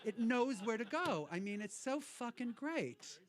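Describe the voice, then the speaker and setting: A man's voice: very high-pitched, sing-song, measured pace. Rambling, irreverent cabaret host, man. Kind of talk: cabaret stage banter. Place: hotel cabaret room.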